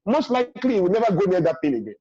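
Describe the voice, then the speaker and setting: A man's voice: sits high, very animated, rapid-fire, mellow, slightly rough, no echo, highs cut off. A middle-aged man, speaking as a guest in a webinar, emphatic and repetitive, with a preachy manner. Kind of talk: advice talk in a webinar. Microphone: video call.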